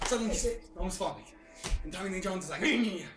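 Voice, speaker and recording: A hyper young man retelling a movie in a casual, excited way, laughing and making sound effects, filmed on his sister's phone. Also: high-pitched, fast talker. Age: young adult. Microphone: phone held by his sister. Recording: roomy and far from the phone, with music.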